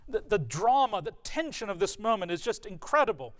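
A man with a fairly high voice delivers a sermon. He preaches earnestly and with emphasis, leaning on rhetorical questions to press his point. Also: big pitch swings, fairly quick, hardly any pauses. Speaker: pastor.

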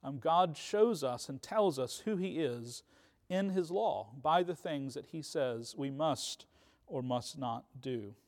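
A man teaching a church class on the commandments in a conversational way, often asking "right?" and pausing with ums. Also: on the high side, animated. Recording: reverberant hall.

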